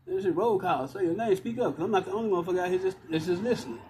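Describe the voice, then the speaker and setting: A man's voice: high voice, racing, a little mellow, slight background noise, rough recording. A man ranting into his phone outdoors, agitated, profane and repetitive. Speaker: vlogger ranting to camera. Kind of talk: rambling outdoor rant. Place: outdoors by walls and concrete.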